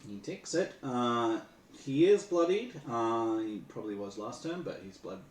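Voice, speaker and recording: A man's voice: mid-range voice, expressive, a little slow, far from the mic. A man running a tabletop game as game master, easygoing in his rulings. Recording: echoey room, off-mic, faint background hiss.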